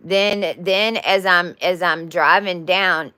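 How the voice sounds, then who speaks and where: A woman's voice: lowish voice, slow pace, few pauses, sharp tone, dry recording. A woman telling a spiritual story in a casual, rambling way with many restarts and asides. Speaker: spiritual vlogger.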